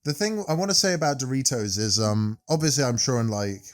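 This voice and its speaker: A man's voice: mid-range voice, expressive, fairly quick, no room sound, studio quality. A British man co-hosting a podcast in casual, rambling chat that often trails off mid-sentence. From United Kingdom. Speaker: podcast co-host.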